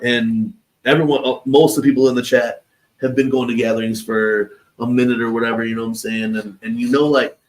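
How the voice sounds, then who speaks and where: Rambling man with a mid-pitched voice. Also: flat delivery, brisk, rough recording. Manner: rambling, casual, full of fillers. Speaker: show co-host. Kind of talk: live webshow recap chat.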